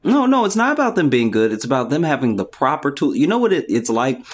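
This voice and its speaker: A man's voice: mid-range voice, big pitch swings. A man co-hosting a casual comedic podcast, telling stories at an easygoing pace and often answering with "mm-hmm". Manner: easygoing, drawn-out storytelling with frequent affirmations. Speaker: podcast co-host.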